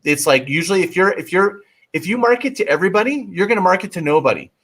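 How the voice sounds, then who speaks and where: A man's voice: high voice, expressive, fast, a bit bright, slightly rough. A man talking as a guest marketing coach in a casual interview, emphatic and pleading, often breaking off and restarting, with the odd swear word.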